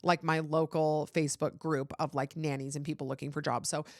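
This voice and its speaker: A woman hosting a podcast talks in a loose, candid ramble, her voice sitting a little low. The sound is close and dry, with no room around it. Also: little pitch movement, brisk, a little mellow, dry recording. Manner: candid, rambling, heavy use of "like". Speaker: podcast host. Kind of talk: casual chat.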